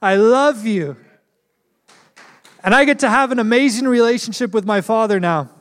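A man's voice: very high-pitched, fast, a bit bright. A young man preaching a sermon and telling a personal story in an earnest storytelling manner, laughing at himself at times. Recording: long hall reverb.

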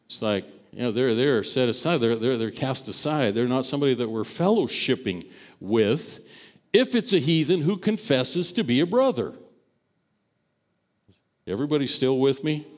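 A man's voice: medium pitch, expressive, normal speed, in a large hall. A man preaching a sermon as pastor of a church, reading scripture aloud and retelling a story in a conversational way, often repeating words and acting out the voices of the people in it.

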